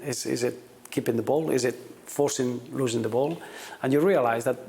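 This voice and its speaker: Halting, gravelly-voiced football manager. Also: male voice, medium pitch, a little mellow. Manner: hesitant, often repeats words when starting sentences. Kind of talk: interview answers, reflective.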